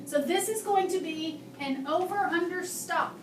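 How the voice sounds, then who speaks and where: A woman's voice: very high-pitched, unhurried. A woman teaching a classroom phonics and handwriting lesson, patiently quizzing her students and modeling sounds. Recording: echoey room, mic far off, faint hum.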